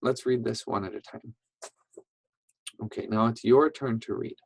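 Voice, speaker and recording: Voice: mid-range voice, fairly even intonation, normal speed, vocal fry, pauses often, husky, no echo, low-quality recording. A teacher giving a reading lesson to young children, patient and encouraging, checking in often. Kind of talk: online reading lesson for first graders.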